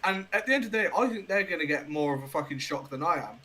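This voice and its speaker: A man's voice: on the high side, lively intonation, fast, sharp tone, rough recording. A young man co-hosting a podcast, telling blunt, jokey stories in casual chat and swearing freely. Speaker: podcast co-host.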